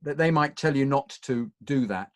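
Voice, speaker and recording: A middle-aged man, a voice actor, chatting in a relaxed Q&A over a video call, talking haltingly with many fillers and restarts. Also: mid-range voice, no echo. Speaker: guest voice actor. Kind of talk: casual Q&A chat.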